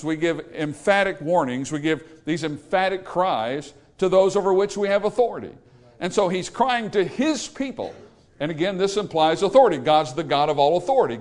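A man's voice: fairly high pitch, animated, normal speed. A man preaching a sermon to a congregation, emphatic and full of rhetorical questions. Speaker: pastor. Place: church service.

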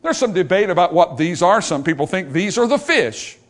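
A pastor preaching a sermon in a church, swinging between emphatic high points and hushed, soft passages. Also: male voice, sing-song, moderate pace. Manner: dynamic preaching, rising to emphatic highs and dropping to hushed lows. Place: church sanctuary.

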